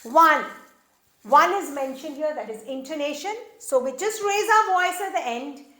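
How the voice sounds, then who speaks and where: A woman teaching a beginner language lesson, explaining step by step and slowly repeating each example sentence. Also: high voice, lively intonation, pushed and bright, reverberant. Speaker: French teacher.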